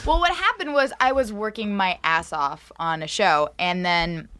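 A woman's voice: medium pitch, moderate pace, pushed and bright, smooth. A young woman co-hosting a podcast, frankly telling a personal story in casual chat, laughing now and then. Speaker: podcast co-host.

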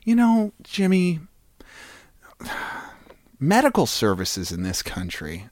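Theatrical podcast man, hugely swooping pitch, dry close mic. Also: huge pitch swings, slow, long pauses, a little mellow, no echo. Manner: playful, theatrical, mock-dramatic. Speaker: podcast co-host. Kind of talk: casual comedic chat.

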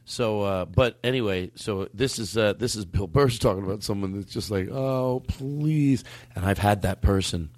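A man's voice: lowish voice, steady tone, normal speed, few pauses, no echo. A man hosting a podcast, rambling and laughing easily, often repeating himself. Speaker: podcast host. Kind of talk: casual podcast chat.

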